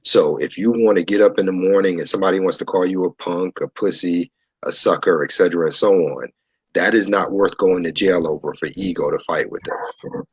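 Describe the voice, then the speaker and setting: A man from New York, a show guest, telling a story in a relaxed, conversational way and acting out what people said. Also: low-pitched, fairly quick, husky, poor audio. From New York, USA. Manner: animated storyteller who acts out dialogue.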